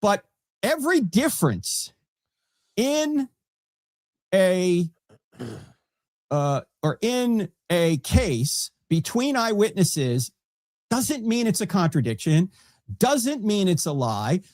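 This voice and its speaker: A man in a played clip, explaining things in a measured way and reasoning through the details. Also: high voice, sing-song, darkish tone. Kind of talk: explanatory talk.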